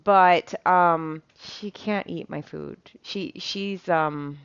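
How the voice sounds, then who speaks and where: A woman's voice: fairly low pitch, very slow, creaky, clear, resonant tone, no echo. Rambling woman chatting while she cooks. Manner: rambling, frequent ums, swears casually. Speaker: cooking vlogger. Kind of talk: casual chat while cooking. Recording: dull lo-fi sound.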